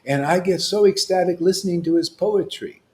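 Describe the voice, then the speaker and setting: A man's voice: sits high, normal speed, darkish tone, pitched above the performer's own voice, close to an everyday voice. A man putting on a giddy, gushing devotee. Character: giddy gushing male devotee, easily thrilled.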